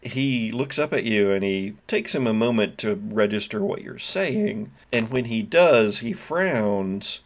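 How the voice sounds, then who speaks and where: A man narrating scenes as the game master of a tabletop game, in a steady, descriptive way. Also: lowish voice, measured pace, few pauses.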